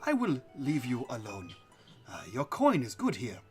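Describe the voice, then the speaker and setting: A man voicing a smooth-talking male rogue who speaks softly and ingratiatingly to his target. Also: mid-range voice, wildly swooping pitch, a little slow, soft background music. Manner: soft, ingratiating, calls others "my friend".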